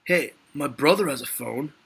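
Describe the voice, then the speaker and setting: A man putting on the voice of a calm, deadpan man living in a snowy cabin. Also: fairly high pitch, normal speed, vocal fry, husky, heavily acted.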